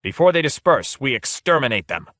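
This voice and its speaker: A man reading aloud, voicing a wrathful, frantic male warlord who shouts commands. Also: mid-range voice, big pitch swings, normal speed, no echo, clean studio sound, pitched above the performer's own voice. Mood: furious.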